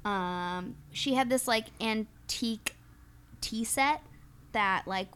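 A young woman co-hosting a podcast, telling a crude story in casual chat, animated and laughing often. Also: a little high, slow pace, a little hiss or hum. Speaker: podcast co-host.

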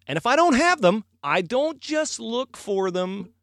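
A man's voice: very high-pitched, unhurried, no room sound, clean studio sound. A man hosting a podcast, talking casually and emphatically in a folksy way, moving from sports to faith. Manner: animated, folksy, emphatic repetition. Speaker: podcast host.

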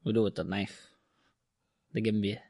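A man's voice: lowish voice, little pitch movement, moderate pace, creaky, warm tone, slightly rough, no room sound, clean studio sound. A man chatting casually as a podcast guest, laid-back and swearing a lot, calling everyone bro. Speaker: podcast guest, store owner. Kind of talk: casual chat.

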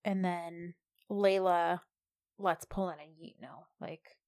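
A woman's voice: fairly low pitch, takes it slowly. A woman casually recapping a drama episode with a co-host, acting out the characters' lines with rising emphasis. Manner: animated retelling, acts out the lines with rising emphasis. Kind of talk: casual chat.

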